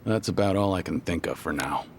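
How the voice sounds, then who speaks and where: A man's voice: low voice, expressive, brisk, slight background noise. An actor playing a stoic, tough former yakuza man who speaks in a terse, reserved way. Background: game music.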